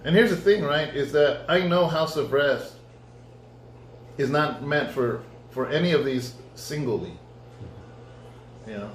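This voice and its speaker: A man, a pastor, giving a conversational sermon testimony and acting out his own dialogue in lively storytelling. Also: a little high, a little slow, pauses often, slight background noise. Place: church. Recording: echoey room.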